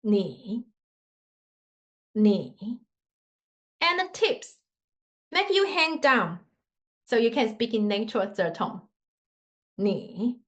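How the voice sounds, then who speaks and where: A woman's voice: a little high, sing-song, measured pace, a bit bright. A woman teaching a Mandarin lesson in simple non-native English, patiently demonstrating tones with sung scales. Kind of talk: online language lesson.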